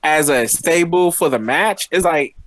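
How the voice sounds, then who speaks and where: A man's voice: a little high, a bit bright. A man co-hosting a casual wrestling podcast, rambling through his points and speeding up when he gets going. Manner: rambling, fast when worked up. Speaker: podcast co-host.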